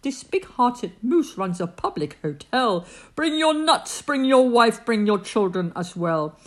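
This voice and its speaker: A woman's voice: fairly high pitch, sing-song, unhurried. A woman voicing a bossy, brash male woodpecker in a bedtime story.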